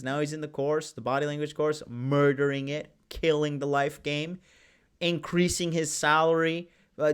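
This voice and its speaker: A man's voice: on the high side, clean tone. Brash, profane man hosting. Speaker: podcast host. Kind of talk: casual live-stream talk.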